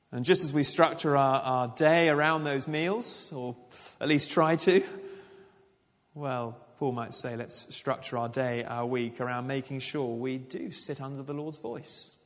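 A pastor preaches to his congregation in an easy, conversational way, often asking questions of them. His mid-pitched voice carries a long reverb from the church hall where he speaks. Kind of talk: sermon.

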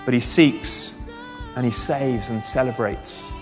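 A man preaching a sermon, telling a Bible story with lively asides and questions to the congregation. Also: mid-range voice, slow pace, faint music behind. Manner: animated storytelling, reads scripture aloud, asks the congregation questions. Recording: long reverb of a large hall.

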